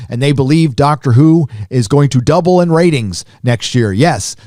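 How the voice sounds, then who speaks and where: Male live-stream host, mid-pitched, dry close sound, loose rambling delivery. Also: no room sound. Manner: rambling, animated, many fillers and restarts. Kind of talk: casual live-stream commentary.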